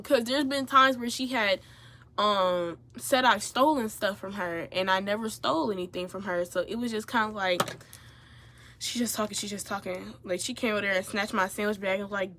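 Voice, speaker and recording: A young woman telling a story casually as she gets ready on camera, animated and profane, turning loud when she gets riled up. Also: medium pitch, normal speed, a little hiss or hum. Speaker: vlogger.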